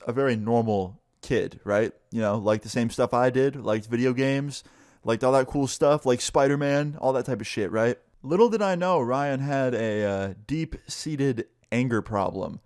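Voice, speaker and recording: A man's voice: medium pitch, measured pace, darkish tone, dry recording, studio quality. A young man casually telling a story, rambling with lots of "like" and swearing freely. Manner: loose, profane, full of "like".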